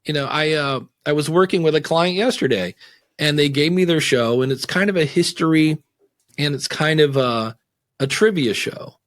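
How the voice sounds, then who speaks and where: A middle-aged man talking as a guest in a casual podcast interview, animated and acting out quotes and voices as he explains. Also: moderate pace. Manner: animated, acts out voices and quotes with big pitch swings.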